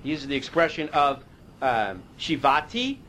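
A man's voice: medium pitch, very animated, a little slow, fairly bright tone, a little hiss or hum, poor audio. A man teaching a Torah class, reading Hebrew verses and explaining them in a casual, conversational way, sometimes losing his place.

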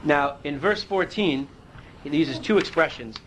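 A man's voice: a little high, measured pace, a bit bright, slight background noise, low-quality recording. A man teaching a Torah class, reading Hebrew verses and explaining them in a casual, conversational way, sometimes losing his place.

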